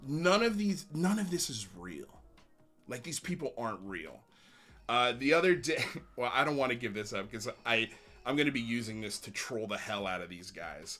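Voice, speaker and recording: A man's voice: mid-range voice, animated, normal speed, bright, forceful tone, soft background music. A man hosting a livestream, ranting bluntly and sarcastically, then reading viewer comments with frequent laughs. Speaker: livestream host.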